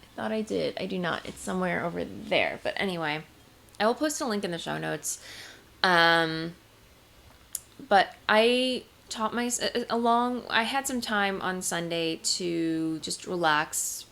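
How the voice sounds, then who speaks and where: A woman's voice: on the low side, animated, measured pace, gravelly, fairly bright tone. A woman hosting a knitting video podcast from home, talking casually and rambling with lots of ums and restarts as she shows her crafting gear. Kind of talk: casual show-and-tell vlog. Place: home, seated indoors.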